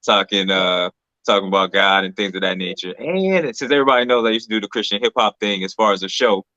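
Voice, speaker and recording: A man hosting a casual interview, asking relaxed questions full of fillers. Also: fairly low pitch, fast, no room sound. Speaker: host. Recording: dull lo-fi mic.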